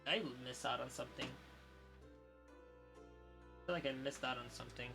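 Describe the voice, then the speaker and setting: A woman streaming a game, reacting loudly and excitably, swearing often as she plays. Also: extremely low pitch, moderate pace, gravelly, over music. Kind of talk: live game stream commentary.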